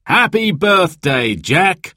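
Kindly storybook uncle, cheerful and patient, slow and warm in tone, read by a man. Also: high-pitched, very animated, slight background noise, voice pushed up, heavily acted. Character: kindly uncle who loves fishing.

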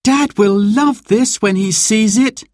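A man voicing an eager young girl in a storybook reading, bubbly and excited. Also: high voice, takes it slowly, dry recording, clean studio sound, voice pushed up.

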